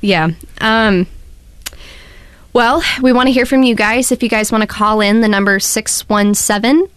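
Woman radio co-host, measured and hedging, casual political debate, dry close sound. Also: fairly high pitch, steady tone, clean tone, dry recording. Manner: measured, hedging, cites news articles.

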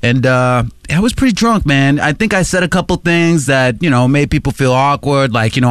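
A man's voice: medium pitch, animated, fast talker, hardly any pauses, no room sound, studio quality. A man co-hosting a casual chat show, telling his own stories with laid-back, joking banter. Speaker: co-host.

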